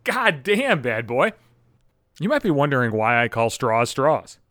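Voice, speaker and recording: A man in his thirties tells a comic story as a profane monologue, swearing constantly and working himself up into rants. His medium-pitched voice swings widely in pitch at an unhurried pace, with a fairly bright tone. The studio-quality recording has no echo.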